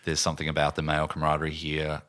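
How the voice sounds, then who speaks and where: Brief: deep-voiced male podcast co-host, forceful tone, animated. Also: rapid-fire. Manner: animated, acts out scenes in put-on voices. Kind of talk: casual film discussion.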